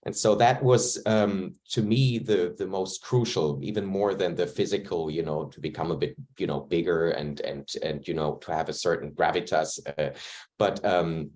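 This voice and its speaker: A man's voice: low voice, darkish tone. A man, an actor reflecting at length in an interview over a video call, choosing his words carefully. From Germany. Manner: thoughtful, searching for words, measured.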